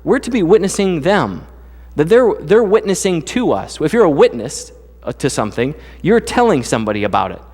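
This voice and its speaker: A man's voice: a little high, big pitch swings, fairly quick, darkish tone, breathy edge, in a large hall. A man preaching a casual, conversational sermon as the pastor, telling jokey stories from his life. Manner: casual, joking storyteller. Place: church sanctuary.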